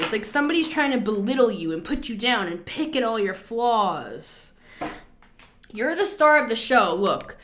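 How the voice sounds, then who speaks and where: Woman, tarot reader, casual chatty rambling delivery. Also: mid-range voice. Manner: chatty, rambling, animated asides.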